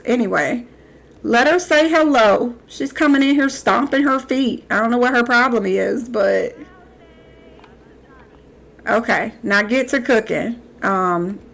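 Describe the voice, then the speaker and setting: Young woman streaming a game live, kinda high voice w some fry, chats back at the characters. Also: measured pace, fairly bright tone. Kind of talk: live gameplay commentary.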